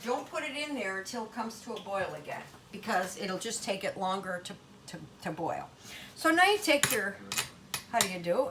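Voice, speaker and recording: A woman's voice: mid-range voice, expressive, normal speed, very noisy. An older woman hosting a home cooking demonstration in her kitchen, talking in a chatty, folksy Italian-American grandmother way.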